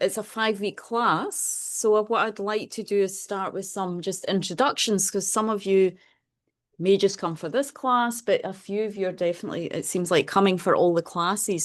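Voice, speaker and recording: A Scottish woman in her fifties, a Buddhist nun, chatting informally and softly as she opens a meditation class. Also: mid-range voice. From Scotland. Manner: chatty, soft-spoken, many "you know"s, light laughs. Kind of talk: casual classroom talk.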